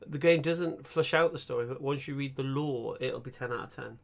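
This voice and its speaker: Here a young male streamer with a mid-range, creaky voice chats about games at a slightly fast clip. His talk rambles along, full of stammered restarts and spirited laughter.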